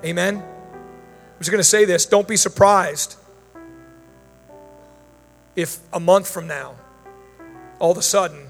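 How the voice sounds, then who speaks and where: This preacher's voice is high-pitched and creaky; he goes slowly and pauses often, with faint music in the background. Addressing a congregation in a church hall with long reverb, he delivers a sermon with prayer and Q&A, fervent and commanding in prayer yet chatty on the side.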